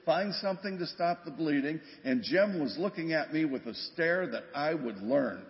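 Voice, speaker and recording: An older man recounts his rookie police days in plain, conversational storytelling, slipping into bits of quoted dialogue. His voice sits a little high. A long church reverb trails his words on a dull recording. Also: lively intonation, normal speed. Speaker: guest speaker, former police officer. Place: church sanctuary.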